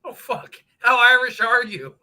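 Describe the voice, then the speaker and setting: A man's voice: very high-pitched, expressive, measured pace, bright, forceful tone. A man hosting a casual live stream, telling profane, joking stories and laughing often. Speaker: host of a live motorcycle stream.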